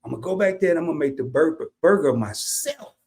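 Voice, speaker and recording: A man's voice: on the high side, animated, fast talker, darkish tone. A man, telling a casual story on his live stream and greeting chatters by name.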